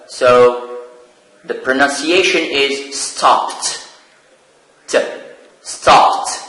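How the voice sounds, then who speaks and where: A man with an Algerian accent teaching an English lesson on television, spelling out sounds slowly and deliberately with many pauses. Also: medium pitch, bright, forceful tone, roomy sound, low-quality recording. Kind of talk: slow televised classroom lesson.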